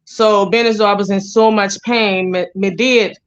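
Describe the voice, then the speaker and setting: A woman with a Jamaican accent, appearing as an interview guest, tells stories in a casual, rambling, blunt way. Her medium-pitched voice is clear and resonant, fairly even in intonation and normal in speed, though the audio is muffled and lo-fi.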